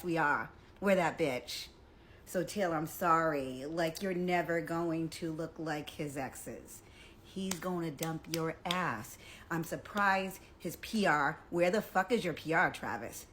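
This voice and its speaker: A middle-aged woman speaks straight to her audience in a casual, emphatic rant. She is blunt and swears often. Her voice sits a little low. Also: fairly bright tone. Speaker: social media commentator.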